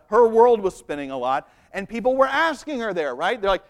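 High-voiced man preaching a sermon. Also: sing-song, fairly quick, hardly any pauses. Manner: storytelling with humor and varied emphasis. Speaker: pastor.

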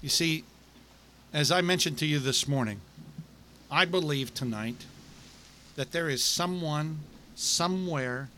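A middle-aged male pastor delivering a sermon, with rhythmic repetition and dramatic pauses. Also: a little high, bright, forceful tone, a little hiss or hum.

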